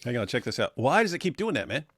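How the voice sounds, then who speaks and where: A man's voice: mid-range voice, big pitch swings, fast, a bit bright, breathy edge, dry recording. A man chats on a casual livestream in a mid-range voice, jokey and rambling as he reads comments aloud. The sound is dry and close to the mic. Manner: jokey, rambling, laughs at his own puns. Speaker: co-host of a livestream reading viewer comments.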